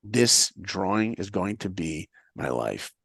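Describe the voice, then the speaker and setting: A man's voice: sits low, takes it slowly, gravelly, breathy edge, dry recording. A middle-aged man from New York, telling his own story in a motivational style and acting out the dialogue he recounts. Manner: animated, acts out the dialogue he recounts.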